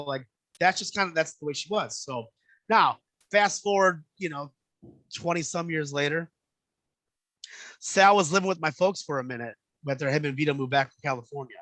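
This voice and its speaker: Animated man telling stories, bright dry voice. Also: on the high side, normal speed, no room sound. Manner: animated storyteller, acts out quoted voices, swears freely. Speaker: podcast guest. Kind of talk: casual storytelling chat.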